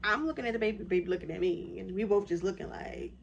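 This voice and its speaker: A woman's voice: fast talker, gravelly, highs cut off, a little hiss or hum. A woman telling her own story in a casual vlog, acting out what others said in a raised voice. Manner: animated, acts out quoted voices in a higher pitch.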